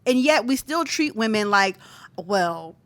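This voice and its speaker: A fired-up woman co-host talking in casual podcast chat. Her voice sits a little higher than most women's and jumps even higher when she's outraged, and she keeps her points emphatic. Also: moderate pace. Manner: emphatic, heated, swings high when outraged.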